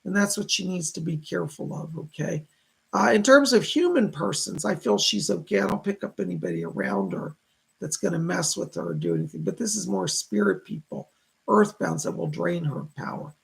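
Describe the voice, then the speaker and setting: A man hosts live psychic readings, reading out viewers' messages and passing on what the spirits tell him. His voice is heavily gravelly and rough with rasp. His pitch swings widely as he talks. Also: very animated, fairly quick, low-quality recording. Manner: reads viewer messages aloud and relays spirit messages. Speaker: psychic reader, show host.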